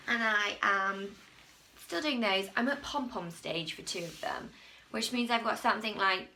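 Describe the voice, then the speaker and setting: A woman from England chats casually to camera about her crochet projects. She rambles and pokes fun at herself. Her voice has a gravelly edge and a bright, forward tone. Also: mid-range voice. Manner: chatty, rambling, self-mocking. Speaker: crochet podcast host.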